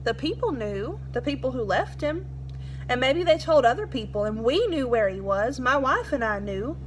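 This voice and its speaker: A woman's voice: high-pitched, lively intonation, normal speed, background noise. A woman reading aloud as an anxious, humble farmer who answers the sheriff nervously and respectfully. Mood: pleading. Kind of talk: storybook read-aloud.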